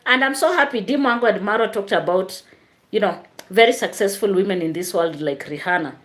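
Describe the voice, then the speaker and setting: Woman, live-stream host, chatty, talks to viewers directly, medium pitch. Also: a little fast. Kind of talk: live-stream commentary reading viewer comments.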